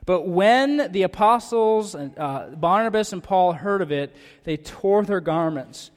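High-voiced preacher in a reverberant hall. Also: male voice, measured pace. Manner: animated, acts out quoted voices. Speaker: pastor. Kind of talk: sermon.

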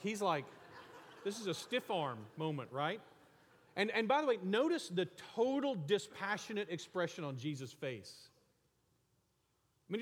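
Guy preaching a sermon, kinda high voice, chatty, gets hyped then goes quiet, long echo like a big church hall. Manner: conversational, animated with sudden soft asides. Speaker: pastor.

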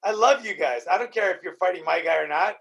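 A podcast host in casual chat, emotional and profane, often repeating himself. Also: male voice, high voice, fast talker, vocal fry, fairly bright tone, slightly rough, highs cut off.

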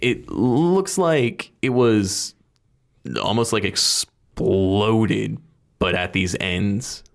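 A man's voice: fairly low pitch, very slow, vocal fry. A man narrating a tabletop game as game master, loose and rambling with many fillers.

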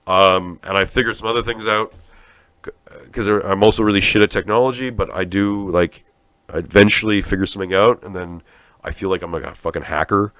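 A man's voice: fairly low pitch, fairly bright tone, no room sound. A man from Canada hosting a podcast, rambling through a profane, sarcastic comic rant. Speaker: podcast host.

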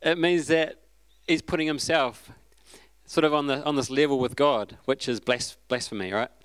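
A man preaching a sermon in a relaxed, conversational, storytelling way. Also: a little high, normal speed, smooth, no room sound.

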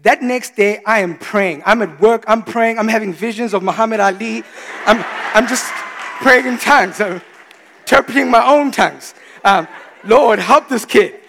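A man in his thirties preaching a sermon, animated, swinging between quiet confiding asides and loud exclamations. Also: sits high, moderate pace. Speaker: pastor. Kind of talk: sermon with storytelling. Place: church. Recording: reverberant church hall.

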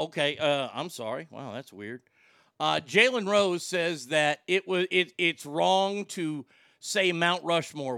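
Male radio host, profane rant, high gravelly voice, sharp bright tone. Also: no echo. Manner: profane, ranting, shouting in outbursts. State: feeling sick after being up all night. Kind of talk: angry talk radio rant. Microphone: broadcast board mic.

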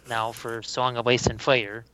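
A man co-hosting a casual chat, describing practical things in a relaxed way. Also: mid-range voice, unhurried, clean tone, low-quality recording. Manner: relaxed, practical storytelling about building things. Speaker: podcast co-host.

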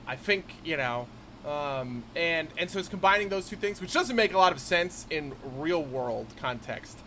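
A young man co-hosting a casual podcast about role-playing games, animated and quick to laugh. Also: on the high side, slight background noise, rough recording. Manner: animated, laughs often, lots of fillers. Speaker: podcast co-host.

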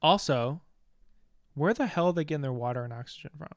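A man's voice: fairly high pitch, expressive, brisk, dry recording, clean studio sound. A young man co-hosting a podcast in casual chat, blunt and joking, swearing freely. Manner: blunt, swears, laughs often. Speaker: podcast co-host.

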